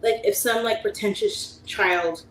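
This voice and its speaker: A woman's voice: mid-range voice, fairly even intonation, unhurried, fairly bright tone, roomy sound, a little hiss or hum, rough recording. A woman in her thirties hosting a casual livestream, chatting and laughing while reading out viewer comments. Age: 30s. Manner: chatty, laughs often, mimics voices when quoting. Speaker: livestream host reading chat. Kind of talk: casual chat.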